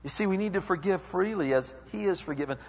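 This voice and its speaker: A man preaches an animated sermon and acts out the people he quotes. His voice sits high and carries a long reverb through a large hall. The recording is dull and lo-fi. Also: fast talker. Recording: echoey hall, dull lo-fi sound.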